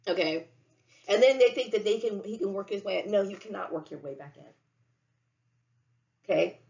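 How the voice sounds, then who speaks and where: A woman's voice: medium pitch, moderate pace, creaky, mellow. Blunt middle-aged woman ranting, roomy lo-fi. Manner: blunt, profane, repetitive ranting. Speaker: vlogger. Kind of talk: unscripted monologue to camera. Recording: roomy, dull lo-fi sound.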